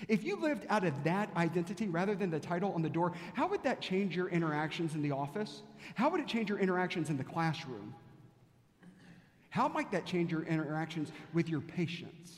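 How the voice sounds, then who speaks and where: High-voiced preacher in a echoing hall. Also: male voice, darkish tone. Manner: storytelling preacher, slows for emphasis, rhetorical questions. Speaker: pastor. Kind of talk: sermon. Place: large church sanctuary. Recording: long church hall reverb.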